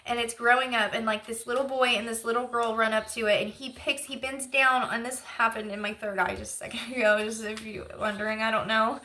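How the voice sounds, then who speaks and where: A woman's voice: a little high, little pitch movement, fairly quick, hardly any pauses, pushed and bright, slight background noise. A woman giving a casual channeled tarot reading, chatty and emotional, rambling with lots of fillers. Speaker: intuitive tarot reader.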